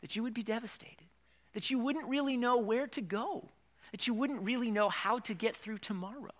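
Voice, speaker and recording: A man preaching a sermon, talking to the congregation with rhetorical questions and sudden drops from loud emphasis to hushed whispers. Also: very high-pitched, normal speed. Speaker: pastor.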